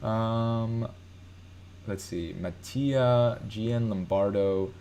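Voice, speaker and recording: A man with a low voice hosts a casual live stream and reads viewer comments aloud. He rambles loosely, with lots of fillers and self-corrections, and a faint hiss sits behind his voice. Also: moderate pace.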